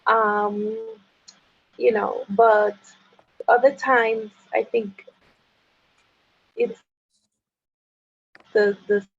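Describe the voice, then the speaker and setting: A woman who grew up speaking chats playfully as a guest, quick to laugh. Her voice is raspy with gravel at the edges and sits a touch high. It comes through a dull, muffled call line. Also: fairly even intonation. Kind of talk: casual flirty chat.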